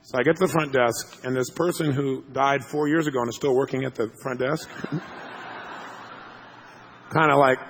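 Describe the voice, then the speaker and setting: A man telling a story to an audience as a motivational speaker, animated and laughing as he acts out what people said. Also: medium pitch, fairly quick, slight background noise.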